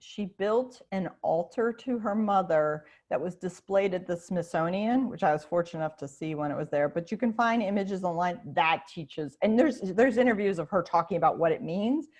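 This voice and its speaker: A woman professor answering teachers' questions in an informal online Q&A, chatty and animated, with many fillers and restarts, speaking over a video call. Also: on the low side, moderate pace, hardly any pauses.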